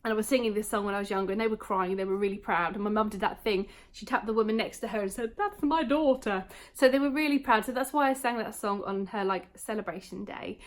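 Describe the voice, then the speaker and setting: A woman's voice: mid-range voice, steady tone. A woman, chatting casually to camera in a vlog, rambling with lots of fillers. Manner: rambling, talks in quick bursts, many fillers. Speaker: vlogger.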